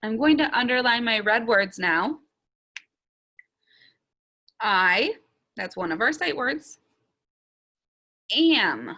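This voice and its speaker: A woman from Ohio teaching a slow early-grade writing lesson, sounding out letters and words deliberately. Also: fairly high pitch, animated, sharp tone. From Ohio, USA.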